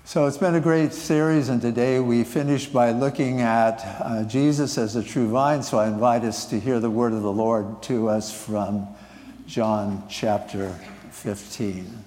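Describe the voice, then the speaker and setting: Slow, emphatic male pastor in reverb. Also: on the low side, fairly even intonation, dark tone. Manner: emphatic, repeats key phrases. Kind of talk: sermon. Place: church sanctuary.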